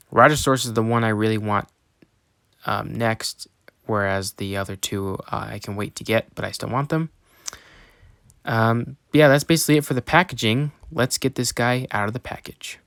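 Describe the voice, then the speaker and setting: A man's voice: mid-range voice, a bit bright, smooth, no room sound, clean studio sound. A young man hosting his own channel, reviewing a toy in a casual, enthusiastic way with lots of ums and restarts.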